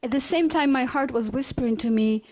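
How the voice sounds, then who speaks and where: Woman, high voice, middle-aged, lively lecture storytelling. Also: a little fast, low-quality recording. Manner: lively storyteller with non-native grammar. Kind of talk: personal story told in a lecture.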